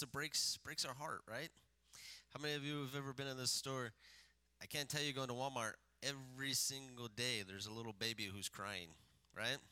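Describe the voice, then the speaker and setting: Guy preaching a sermon, really bright cutting voice, throws questions at the crowd. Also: mid-range voice, clean tone. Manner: preaching with rising emphasis and rhetorical questions; conversational asides to the congregation. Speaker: pastor.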